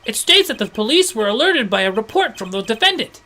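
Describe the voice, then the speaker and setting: A woman voicing a confident young male defense lawyer who delivers forceful, accusing courtroom lines. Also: on the high side, sing-song, brisk, a little hiss or hum.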